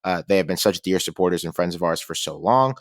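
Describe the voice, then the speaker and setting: A man with a deep, low-pitched voice hosts a college football podcast in an easy, conversational way. He moves from game chat into upbeat sponsor reads. The sound is dry and close, with no room around it. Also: expressive, fast, no room sound. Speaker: podcast co-host. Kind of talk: casual sports podcast talk.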